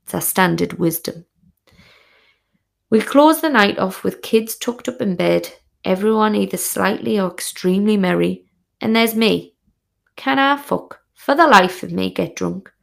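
A woman's voice: medium pitch, gravelly. A woman telling a frank, sweary, comic personal story as a podcast host.

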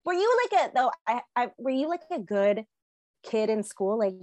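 High-pitched woman co-host, teasing, supportive, quick to laugh, dry sound. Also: lively intonation, a little mellow, no echo. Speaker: podcast co-host. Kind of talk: casual chat.

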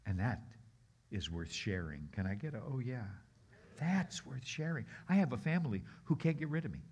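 A man's voice: medium pitch, fairly quick, husky. A middle-aged man preaching as a guest pastor, telling stories with animation and leading the crowd in repeating a phrase. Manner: animated, acts out voices, leads the crowd in repeating lines. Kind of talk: storytelling sermon.

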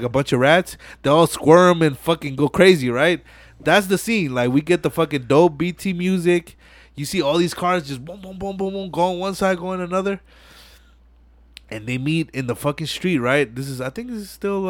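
A man's voice: mid-range voice, no echo. Slangy man recapping a movie, dry sound. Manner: slangy, profane, animated storytelling with many fillers. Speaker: podcast host.

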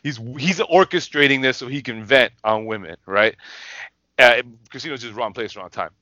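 A man with a bright, forceful voice rants heatedly and swears freely, hammering his points home. His voice sounds close and dry, slightly dull in tone, as in a casual podcast. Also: mid-range voice, moderate pace, no room sound. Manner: heated, profane, emphatic. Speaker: podcast co-host. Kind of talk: casual profane rant.

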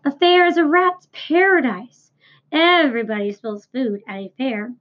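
A cunning old storybook ewe talks in a coaxing, savoring way, played by a woman reader. The voice sits a bit high. The recording is dull and lo-fi. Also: measured pace. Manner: lush, savoring listing of foods. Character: crafty old female sheep, coaxing and worldly.

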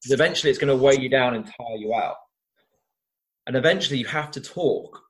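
A young man, a former teacher and youth coach, telling stories in an interview in an earnest, animated way with frequent restarts. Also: mid-range voice, brisk. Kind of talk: conversational interview storytelling.

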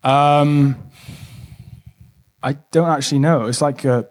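A man's voice: fairly high pitch, fairly even intonation, normal speed, pauses often, a little mellow. A British man in his twenties with a mixed northern English and Cardiff accent, a podcast guest chatting casually with jokes. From England and Wales. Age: 20s. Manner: rambling, jokey and self-deprecating.

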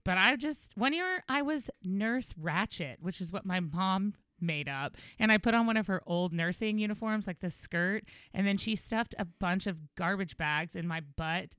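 A woman's voice: mid-range voice, expressive, moderate pace, few pauses, a bit bright, smooth, dry recording, studio quality. A woman chatting casually as a podcast co-host, rambling through stories with frequent giggles. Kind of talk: casual chat.

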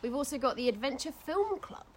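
A tipsy English woman co-hosting a relaxed community radio show, chatty and giggly. Her voice sits a little high and moves lively up and down, with a faint hiss underneath. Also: a little fast. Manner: chatty and giggly, easily laughing. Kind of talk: casual chat.

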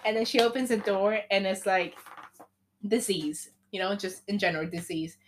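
A young woman chatting casually, playfully acting out a made-up story with quick character voices. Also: medium pitch, a little hiss or hum.

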